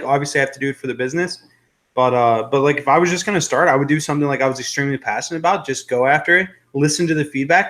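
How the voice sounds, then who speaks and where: A man's voice: a little high, a bit bright. Chatty male livestream host. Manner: rambling, joking, reads viewer comments aloud. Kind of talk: casual live-stream chat.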